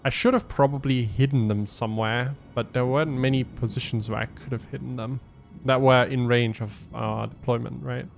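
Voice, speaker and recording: A man's voice: mid-range voice, fairly even intonation, moderate pace, gravelly, soft background music. A man giving casual gameplay commentary as a let's play host, thinking aloud and explaining his tactics with frequent ums.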